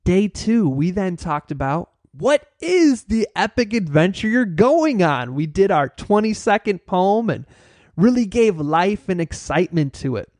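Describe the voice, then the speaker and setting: A man leads a motivational class, upbeat and playful as he encourages his listeners. His voice sits a little high. The recording is dry, with no room sound. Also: sing-song, unhurried, darkish tone, no room sound. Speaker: workshop host.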